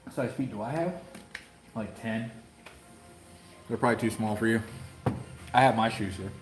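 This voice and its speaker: A man's voice: on the low side, moderate pace, over music, poor audio. A man hosting a live stream from inside a bike shop, chatting playfully and laughing often. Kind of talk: casual live-stream chat.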